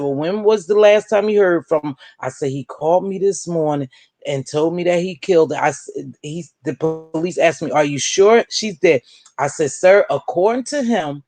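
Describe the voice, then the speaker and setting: A woman's voice: fairly low pitch, darkish tone, no echo. A woman, hosting a casual chat and telling a story while acting out each person's lines. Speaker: vlog host.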